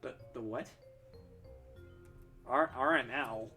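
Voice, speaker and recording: Bright-voiced young man chatting on stream. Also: mid-range voice, slow, faint music behind. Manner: chatty, rambling, self-interrupting. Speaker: streaming artist. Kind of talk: casual chat while drawing on stream.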